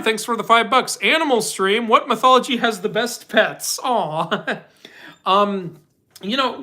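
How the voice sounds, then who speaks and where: Bright-voiced chatty man hosting a stream. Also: high voice. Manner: chatty and rambling, laughs often. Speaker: host. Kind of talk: casual live-stream Q&A chat.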